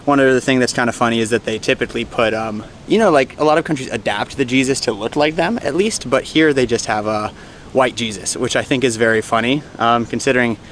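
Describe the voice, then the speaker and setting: A young American travel vlogger with a mid-range, fairly bright voice talks quickly with a bit of hiss or hum. Out of breath on a hot hillside in a coastal town, he chats and rambles while poking fun at himself.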